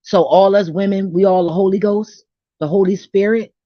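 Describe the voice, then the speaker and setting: A woman's voice: medium pitch, fairly even intonation, moderate pace, no echo. A woman rants in a confrontational, preachy monologue, swearing freely as she lays out her views. Her voice sits mid-range for a woman. The recording is dry and a little muffled, with a lo-fi dullness. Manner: blunt, profane, preachy, confrontational. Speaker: vlogger. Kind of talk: ranting spiritual monologue.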